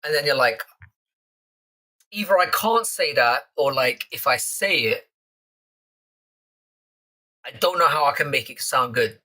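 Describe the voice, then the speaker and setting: A man's voice: mid-range voice, animated, a little slow, pauses often, bright, forceful tone. A young man with a London accent hosting a live stream chat, casually swearing and teasing the viewers in his chat.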